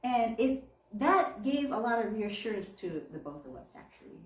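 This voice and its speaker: A woman minister telling a story in a sermon, animated and often laughing. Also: a little high, moderate pace, distant mic. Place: church. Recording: echoey church from off-mic.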